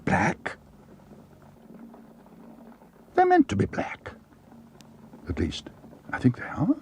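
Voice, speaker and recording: A man voicing a polite, earnest young bear who talks slowly and carefully, in a storybook reading. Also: mid-range voice, huge pitch swings, a little mellow, slight background noise, voice pushed up.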